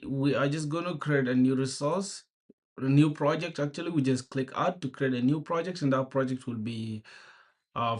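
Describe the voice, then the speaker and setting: A young man streaming himself programming, talking through his work in a laid-back, slangy way and greeting viewers as they arrive. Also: mid-range voice. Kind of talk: casual live-stream commentary.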